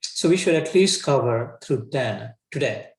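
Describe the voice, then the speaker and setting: A man's voice: medium pitch, animated, measured pace, creaky, darkish tone, slight background noise. Man giving a casual scripture lecture. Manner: casual, colloquial, frequent restarts. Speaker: scripture teacher. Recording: roomy echo.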